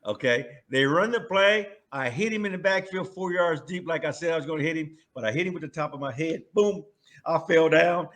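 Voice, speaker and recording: An older man from California recounts stories in a relaxed interview. He talks in an animated way, stumbling and restarting often and breaking into chuckles. His voice sits a bit high for a man. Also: brisk. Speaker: former pro football player, guest. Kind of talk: casual interview storytelling.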